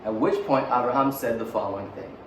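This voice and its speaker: A man's voice: mid-range voice, normal speed, slight background noise. A man telling a story in a casual, joking way, with frequent fillers and offhand asides. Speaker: teacher. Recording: roomy echo, mic far off, faint ambience.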